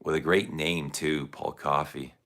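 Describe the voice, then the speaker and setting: A man's voice: rumbling low, level tone, measured pace, fairly bright tone. A man hosting a casual fragrance livestream, rambling loosely and reacting to viewer comments. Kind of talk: casual livestream chat answering chat.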